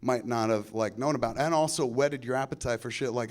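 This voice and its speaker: A man's voice: mid-range voice, brisk. A man hosting a casual fan chat, enthusiastic and swearing freely.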